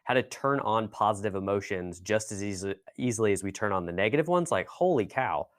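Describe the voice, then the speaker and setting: A man's voice: fairly low pitch, animated, a little fast, no room sound, clean studio sound. A man hosting a podcast, musing in a thoughtful, casual way. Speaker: podcast host. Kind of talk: podcast conversation.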